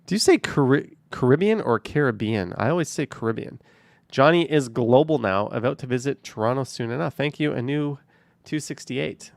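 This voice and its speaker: Gravelly, easygoing male streamer. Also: mid-range voice, moderate pace, no room sound. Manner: easygoing, thanks viewers and answers questions. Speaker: live streamer reading chat. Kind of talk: casual live-stream chat. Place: car, driving around the city.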